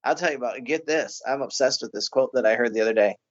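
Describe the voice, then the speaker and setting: A man's voice: medium pitch, fast talker, dull audio. A man co-hosting a comedy podcast, rambling and hesitant in casual banter. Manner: rambling, hesitant, lots of restarts. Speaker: podcast co-host.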